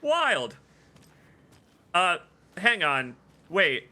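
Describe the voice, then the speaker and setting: A young adult man streaming a game with excitable, emotional live commentary. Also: a little high, a little slow.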